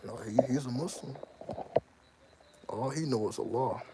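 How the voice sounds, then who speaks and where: A man's voice: mid-range voice, unhurried, very noisy. A man talking casually to the camera about his life, loose and slangy, often repeating himself and asking "you know what I mean". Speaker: channel host. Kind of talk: casual spoken monologue.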